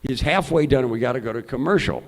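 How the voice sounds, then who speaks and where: An older man, a journalist and honored guest, telling lively, profane anecdotes on stage at an event. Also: medium pitch, quick pace. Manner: lively raconteur, salty language. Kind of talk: live anecdotal storytelling on stage. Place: event hall before an audience.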